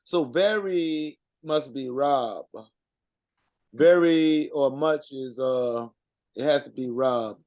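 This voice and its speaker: A man giving an informal language lesson, reading out word lists and sounding out words with halting pauses and fillers. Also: medium pitch, darkish tone. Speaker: co-presenter reading out vocabulary.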